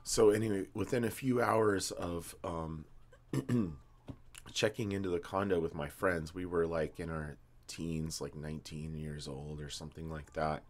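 A man's voice: a bass voice, steady tone, unhurried. A man in his fifties, just woken up and a bit medicated, rambling through a story with many ums and slightly slurred words. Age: 50s. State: groggy and medicated, just woke up. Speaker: vlogger. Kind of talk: rambling casual monologue.

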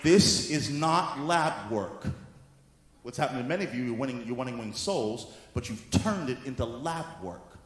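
A male apostle preaching a sermon, moving from soft teaching into shouted exhortation. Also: mid-range voice, expressive, moderate pace. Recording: echoey hall with faint room noise.

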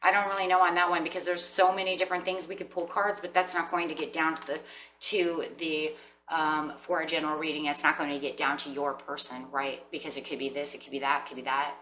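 A woman's voice: deep voice, little pitch movement, fast talker, sharp tone, echoey room, recorded from a distance, a little hiss or hum. A woman giving a casual tarot reading, talking to her viewers in a chatty, rambling way. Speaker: tarot reader.

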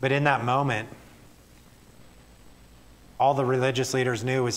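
A man's voice: medium pitch, little pitch movement, unhurried, pauses often, slight background noise. A male pastor reading scripture aloud and preaching earnestly to his church. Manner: reads scripture then speaks plainly and earnestly to the congregation. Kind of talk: sermon.

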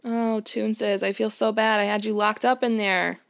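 A woman's voice: mid-range voice, flat delivery, normal speed, a little hiss or hum. A woman hosting a casual let's-play, chatting playfully as she plays and tossing out mock-outraged exclamations. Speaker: gaming channel host.

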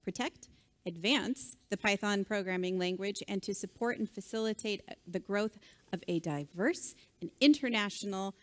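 A woman's voice: mid-range voice, moderate pace. Upbeat encouraging woman keynote speaker. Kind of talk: conference keynote talk. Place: conference stage.

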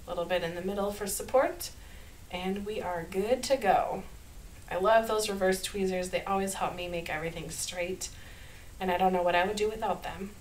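A woman with a Minnesota accent, talking through a card-making tutorial in a chatty, upbeat way and laughing softly at herself. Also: mid-range voice, moderate pace, a little hiss or hum, low-quality recording. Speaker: card-making channel host. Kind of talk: casual craft tutorial voice-over.

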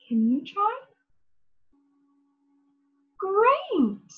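High, slow-talking North American teacher. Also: female voice, very animated, narrow, tinny audio. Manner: encouraging, drawn-out words with lots of praise. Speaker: ESL teacher. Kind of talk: slow, animated teaching for young learners.

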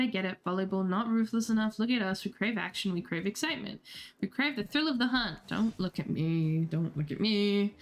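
Playful woman streamer reading a game aloud. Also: medium pitch. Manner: playful and giggly, reacts to chat.

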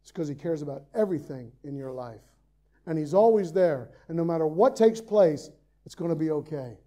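High-voiced, mellow preacher at the pulpit. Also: male voice, animated, brisk. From Ireland. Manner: rises to loud emphatic peaks, then drops to quiet earnest asides. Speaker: pastor. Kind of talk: sermon. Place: church sanctuary, preaching from the pulpit.

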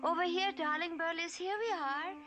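A woman voicing a gentle, elegant mother cat in a fan dub, soothing and tender, stammering when upset. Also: very high-pitched, steady tone, moderate pace. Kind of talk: fan dub of an animated film. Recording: noisy home-mic recording.

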